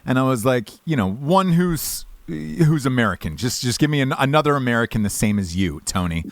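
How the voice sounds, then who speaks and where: A man hosting a podcast, telling a story in a casual, animated way with frequent swearing. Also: medium pitch, a little fast, no echo. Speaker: podcast host.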